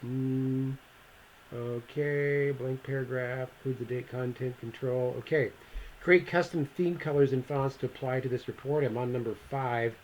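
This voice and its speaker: Casual man talking through a software tutorial. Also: mid-range voice, fairly even intonation, measured pace, muffled recording, a little hiss or hum. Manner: casual, thinking aloud, self-correcting. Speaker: instructor. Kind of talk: screen-recorded software tutorial.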